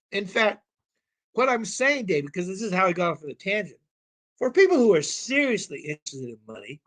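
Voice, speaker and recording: A man's voice: sits high, a bit bright. A man talking as a call-in show guest, explaining at length in an emphatic, rambling way and swearing now and then. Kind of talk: casual explanatory talk.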